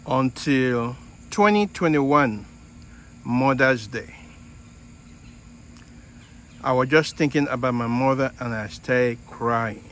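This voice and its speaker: A man from Nigeria with a Nigerian accent, hosting a casual garden vlog in an unhurried, halting way. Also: medium pitch, fairly bright tone, a little hiss or hum, rough recording. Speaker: fig grower and channel host.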